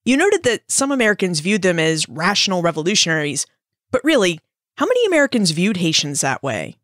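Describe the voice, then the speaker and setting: A woman hosting a podcast, asking an interview question in a measured, clear way. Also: on the low side, very animated, dry recording, clean studio sound. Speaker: podcast host.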